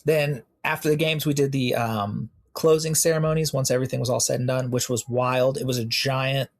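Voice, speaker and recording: A young American man, a police officer and interview guest, telling animated stories and acting out the exchanges he quotes. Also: mid-range voice, a little fast. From United States. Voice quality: gravelly, husky voice. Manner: animated storyteller who acts out quoted exchanges. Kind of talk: casual storytelling in an interview.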